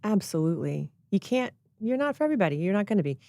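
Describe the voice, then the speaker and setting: A woman's voice: mid-range voice, big pitch swings, quick pace, mellow, dry recording. A woman speaking as a podcast guest and coach, talking casually and emphatically, with an encouraging tone. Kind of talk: casual conversational chat.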